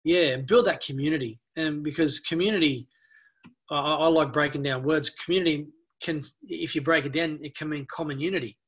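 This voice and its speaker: A man's voice: a little high, fairly quick, fairly bright tone, husky. A middle-aged man from Australia, an anti-bullying expert speaking as a guest in a conversational interview, earnest and given to storytelling. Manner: earnest, storytelling, repeats words while thinking.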